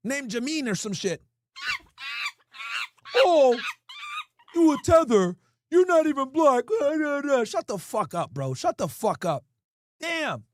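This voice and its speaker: A man's voice: very high-pitched, a bit bright, dry recording, studio quality. A man hosting a livestream, chatting casually with his audience and reading their comments aloud in a blunt, profane way. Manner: blunt, profane, talks straight to chat. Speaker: livestream host.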